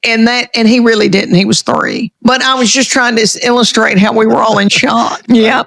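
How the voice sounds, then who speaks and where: A woman's voice: a little high, steady tone, normal speed, vocal fry, a bit bright, no echo. A middle-aged woman with a Southern US accent, telling folksy, self-deprecating stories in an interview. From Southern United States. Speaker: comedian guest. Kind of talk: conversational storytelling interview.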